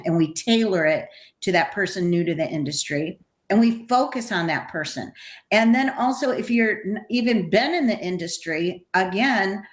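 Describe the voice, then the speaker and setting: Enthusiastic middle-aged woman, echoey room. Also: medium pitch. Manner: enthusiastic, laughs easily. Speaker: host agency owner and CEO. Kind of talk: webinar interview.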